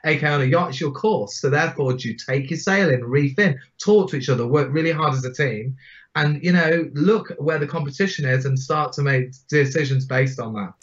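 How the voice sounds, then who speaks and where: A fairly high-pitched man in his forties tells his stories with animated emphasis. His voice comes through a dull, lo-fi recording. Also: a little fast. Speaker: guest speaker. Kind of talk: storytelling interview. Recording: dull lo-fi sound.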